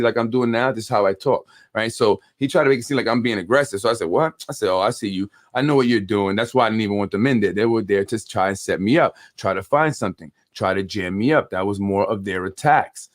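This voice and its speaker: A man hosting a live call-in show on local politics, telling a long story with energy, acting out what others said and repeating words when worked up. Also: lowish voice. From New York.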